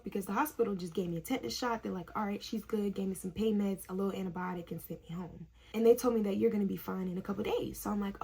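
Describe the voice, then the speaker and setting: A young woman tells a personal story to her viewers in a loose, chatty way. Her voice is gravelly with a husky edge, and she sits at a middle pitch for a woman. She laughs often and scatters "like" through her sentences. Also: a little mellow. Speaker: vlogger, nursing student. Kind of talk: casual story-time chat.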